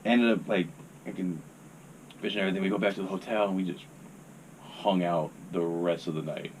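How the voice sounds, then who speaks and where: A man's voice: sits low, fairly even intonation, a little fast, darkish tone, a little hiss or hum. A young man, a podcast guest, telling a rambling, laid-back story in casual chat and swearing freely.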